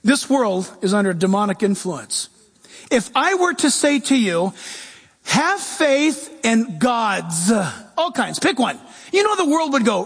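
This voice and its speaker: A man preaching a sermon as pastor, animated, swinging between loud emphasis and quiet asides. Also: very high-pitched, unhurried, breathy edge, big-room sound.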